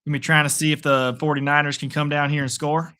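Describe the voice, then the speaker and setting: Man doing a put-on Southern drawl, folksy commentator, loud, bright forceful tone, slightly high. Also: flat delivery, quick pace, clear, resonant tone. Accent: put-on American Southern. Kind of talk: live game reaction commentary.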